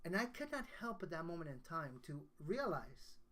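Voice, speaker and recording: A man's voice: fairly high pitch, sing-song, normal speed, crowd noise. A man, a guest songwriter, telling a personal story in casual conversation, earnest and emotional, often restarting his sentences.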